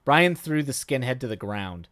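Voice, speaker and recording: A man streaming live, reading a story aloud and breaking off into excited, rambling commentary. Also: mid-range voice, normal speed, no room sound. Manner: enthusiastic, rambling commentary with many fillers and restarts.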